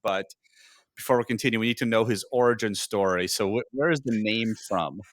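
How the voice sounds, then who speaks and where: A man's voice: on the low side, brisk. A man hosting a podcast in loose, casual chat, joking around and swearing freely. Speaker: podcast host.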